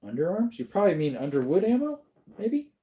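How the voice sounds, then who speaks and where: Here the tired Arizona livestreamer, a middle-aged man, sounds high-pitched, very animated, mellow, and fairly quick. He still answers chat in his relaxed drawl and slips into joke voices during the casual stream.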